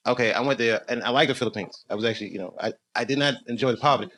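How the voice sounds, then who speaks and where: A man performing a stand-up comedy routine for a live audience, animated and excitable. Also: medium pitch, rapid-fire. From United States. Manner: animated, swings into loud excited bursts.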